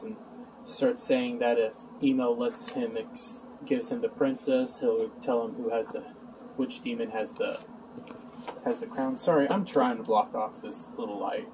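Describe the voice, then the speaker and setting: A man's voice: medium pitch, steady tone, a little slow, background noise. A man casually recapping a TV episode with sarcastic asides and frequent fillers. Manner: sarcastic, offhand, many "uh" fillers. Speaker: show reviewer.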